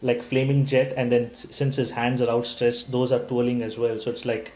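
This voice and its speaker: A man's voice: mid-range voice, little pitch movement, moderate pace, warm tone. Male player in a roomy, echoey space. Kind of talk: tabletop role-play, describing actions. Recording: roomy echo.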